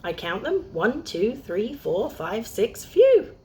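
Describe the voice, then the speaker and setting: A woman voicing a fast-talking, boastful male squirrel in a read-aloud storybook, chirpy and high. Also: sing-song.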